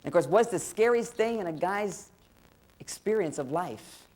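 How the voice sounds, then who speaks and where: A man's voice: high voice, lively intonation, normal speed, a little mellow. Middle-aged male speaker, comic lecture delivery, plays both sides of the dialogue. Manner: playful, acts out dialogue. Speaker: relationship speaker. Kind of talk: humorous lecture.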